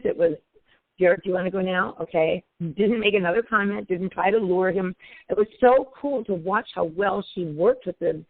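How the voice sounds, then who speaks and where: Brief: grandmother caller, earnest chatty storyteller, phone-line audio. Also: medium pitch. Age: older. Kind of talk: telling a personal story on a group call.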